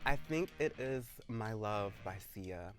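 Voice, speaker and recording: A man's voice: on the low side, animated, slow pace. Chatty young man telling stories. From Missouri. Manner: chatty storyteller, many likes. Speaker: guest YouTuber. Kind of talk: casual interview chat.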